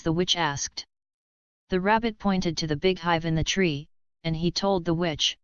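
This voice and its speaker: A woman narrating a bedtime story in a plain, even storytelling manner, in a dull lo-fi recording. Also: on the low side, measured pace, smooth, no echo.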